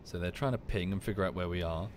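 A man's voice: deep voice, fast talker, a little mellow, slight background noise. A man from the UK chatting casually while streaming a game, with dry muttered asides. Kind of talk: casual gameplay commentary.

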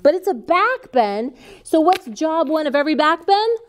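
A woman leads a yoga teacher training, calling out posture cues in a playful, upbeat way. Her voice sits high and swings widely in pitch. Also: very animated, normal speed. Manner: upbeat, playful, cue-giving.

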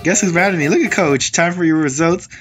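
A man's voice: fairly high pitch, fairly quick. A young man hosting a gaming channel, rambling through casual gameplay commentary and swearing when the game goes wrong. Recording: game music in background. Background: game music.

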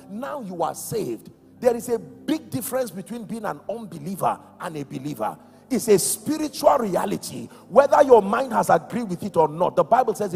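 Nigerian male preacher, high and gravelly, swings from shouts to hushed lines; echoey church hall. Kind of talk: sermon.

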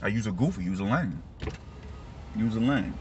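Man ranting outdoors over loud traffic. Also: on the low side, animated, moderate pace. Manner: emphatic, repetitive, profane, says "you dig" a lot. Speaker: reaction vlogger. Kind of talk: casual unscripted rant. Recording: lo-fi audio with loud traffic noise.

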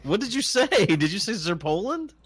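A man's voice: high-pitched, big pitch swings, moderate pace, a bit bright, husky, no echo. An American man teasing a friend with dry jokes while they play a game together. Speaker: co-player. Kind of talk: casual gaming banter.

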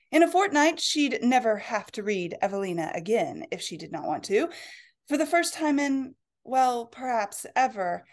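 Woman author reading her romance aloud. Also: medium pitch. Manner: lively, expressive reading. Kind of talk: storybook narration.

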